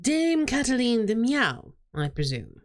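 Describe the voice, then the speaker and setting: A woman voicing a proper, deadpan male falcon lawyer in a visual novel read-aloud. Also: fairly high pitch, unhurried, soft background music, heavily acted. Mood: dry.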